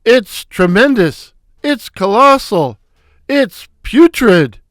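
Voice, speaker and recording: A man voicing a brash, crude, wisecracking male slapstick comic with a loud foghorn voice in a read-aloud story. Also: high voice, big pitch swings, slow pace, no room sound, clean studio sound, voice pushed up, exaggerated voice. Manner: wisecracking, boisterous. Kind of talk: storybook character voice.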